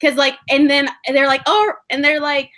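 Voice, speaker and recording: Excitable high-voiced young woman. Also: moderate pace. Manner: excitable storyteller, acts out fangirl screams. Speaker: vlogger. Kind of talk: casual chat.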